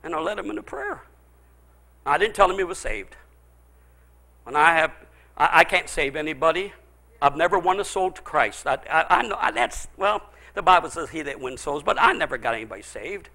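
A middle-aged man, a pastor, preaching a sermon as he tells stories, swinging between loud exclaiming and low, intense stretches. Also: animated, a little fast, creaky.

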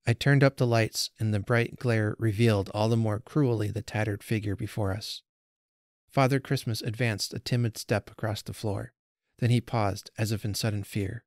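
A man hosting a podcast, reading a story aloud in measured, unhurried narration. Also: fairly low pitch, steady tone, no echo, clean studio sound. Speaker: podcast host.

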